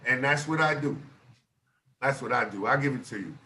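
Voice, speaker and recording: A man from Northern Illinois, a guest on a podcast, telling stories in animated casual talk with bursts of loud laughter. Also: mid-range voice, brisk, slight background noise. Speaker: guest rapper.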